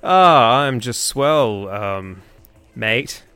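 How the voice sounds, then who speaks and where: A man, a podcast guest, chatting in a relaxed way and laughing often. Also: mid-range voice, very slow, smooth. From Australia. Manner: laid-back, laughs often. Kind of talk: casual podcast chat.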